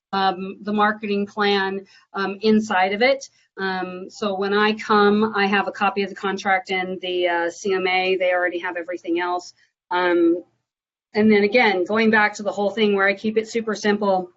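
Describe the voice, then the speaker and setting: Woman from Nashville, agent type, loose chatty delivery with many ums, mid-pitched, slightly muffled audio. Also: flat delivery, moderate pace. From Nashville, USA. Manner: chatty, filler-heavy, bright and upbeat on calls. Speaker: real estate agent. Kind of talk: live prospecting calls and Q&A.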